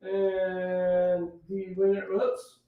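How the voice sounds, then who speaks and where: Slow, echoey off-camera helper. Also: medium pitch, monotone, recorded from a distance, narrow, tinny audio. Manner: brief, matter-of-fact replies. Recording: very echoey, off-mic room sound.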